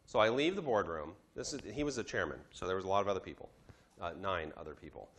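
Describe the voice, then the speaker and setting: A man teaching a class, telling a business story in a lively lecture style, acting out the voices he quotes. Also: sits low, quick pace. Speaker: instructor.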